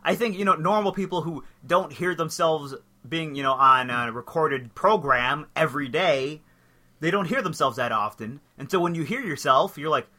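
Bright-voiced crude podcast co-host man. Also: a little high, normal speed. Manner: crude, profane banter. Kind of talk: casual comedy chat.

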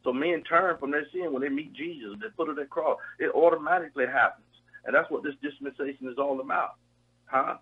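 A man's voice: fairly high pitch, a little fast, breathy edge. A man praying and preaching on a radio program, emphatic and rhythmic, repeating phrases and calling out hallelujah. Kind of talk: fervent prayer and preaching. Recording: tinny phone line.

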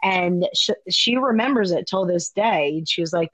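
A woman's voice: fairly low pitch, moderate pace, fairly bright tone, no room sound. A young woman in casual conversation, talking candidly and swearing freely, with plenty of fillers. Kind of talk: casual chat.

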